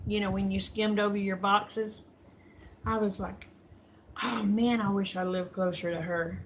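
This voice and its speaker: A woman's voice: mid-range voice, steady tone, measured pace, a little hiss or hum. An older woman chatting with viewers on a late-night livestream, folksy and tired. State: tired, yawning. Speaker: livestream host.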